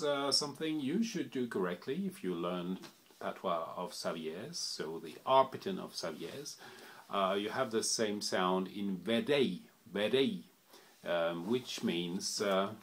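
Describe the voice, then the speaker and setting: Slow, low-voiced man. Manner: unhurried, thinking aloud with many fillers. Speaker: language explainer. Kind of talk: unscripted spoken explanation. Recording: faint background noise.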